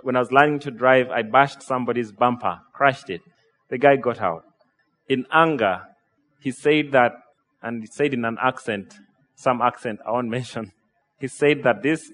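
A man's voice: mid-range voice, normal speed, fairly bright tone. A man preaching a sermon in a conversational style, often asking rhetorical questions. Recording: long hall reverb.

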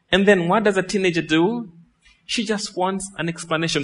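Pastor preaching with a fraying voice. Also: male voice, sits high, normal speed, long pauses. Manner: lively, asks the crowd questions, laughs. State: losing his voice. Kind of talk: sermon.

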